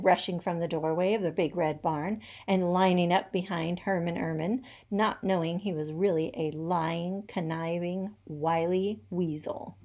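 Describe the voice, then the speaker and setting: A woman's voice: on the low side, a little slow, hardly any pauses. Woman reading a picture book aloud. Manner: lively, rhythmic storytelling.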